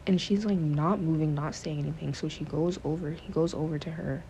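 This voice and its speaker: A woman podcast host retells a book's plot casually, rambling, swearing and using lots of fillers. Her voice sits low with a steady, warm tone, and she speaks briskly. There is slight background noise.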